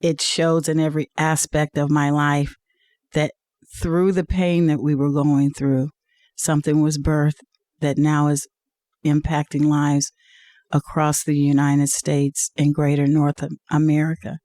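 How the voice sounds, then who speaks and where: A woman's voice: low voice, flat delivery, unhurried, warm tone, no room sound, clean studio sound. Earnest woman telling a heartfelt story. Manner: earnest, heartfelt testimony with many "uh"s. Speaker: interview guest, league executive. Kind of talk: personal storytelling in an interview.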